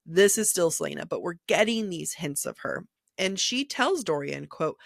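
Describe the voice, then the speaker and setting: A woman's voice: on the low side, very animated, moderate pace, creaky, dry recording, studio quality. A woman co-hosting a book podcast, talking through a novel in a thoughtful, conversational way. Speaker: podcast co-host. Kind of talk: casual book discussion.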